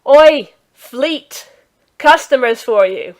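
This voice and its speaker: A woman's voice: medium pitch, a little slow, close to an everyday voice. A woman playing a hearty male village healer. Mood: brisk. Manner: loud, hearty and eager.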